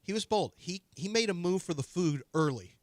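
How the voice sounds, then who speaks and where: A man's voice: high voice, animated, normal speed, darkish tone, no echo, clean studio sound. A man hosting a sports radio show, reading an ad and bantering in a playful, mock-indignant way. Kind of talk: live-read radio ad and studio banter. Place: radio studio. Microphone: studio broadcast mic.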